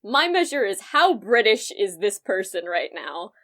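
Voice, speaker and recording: Unhurried and medium in pitch, a young woman co-hosting a podcast recounts stories in an easygoing chat. She tells them with animation and breaks into laughter frequently.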